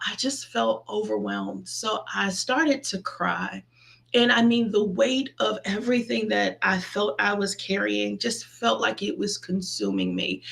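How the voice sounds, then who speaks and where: Woman, pastor, Midwestern American accent, sermon, gravelly fry, prays aloud. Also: medium pitch, bright, forceful tone. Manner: intimate, testimony-style, prays aloud. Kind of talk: online sermon, girl talk. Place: seated at her desk.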